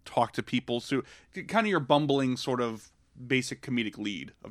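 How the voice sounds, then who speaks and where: A man co-hosting a podcast, chatting casually about a film in an animated, rambling way with lots of fillers. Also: mid-range voice, moderate pace, no echo. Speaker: podcast co-host. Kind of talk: casual film review chat.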